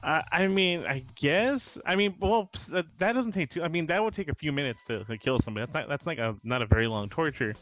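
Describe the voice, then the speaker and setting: A man's voice: on the high side, lively intonation, fast talker, few pauses, fairly bright tone, soft background music. A man co-hosting a podcast who chats casually about a film, asking questions and talking in hesitant, self-interrupting bursts. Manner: questioning, hesitant, many restarts and laughs. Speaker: podcast co-host. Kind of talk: casual film review chat.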